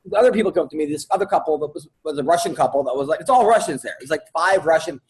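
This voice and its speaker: A man's voice: fairly high pitch, lively intonation, racing, poor audio. A man hosting a comedy podcast, telling a long story in casual chat with lots of restarts and filler words.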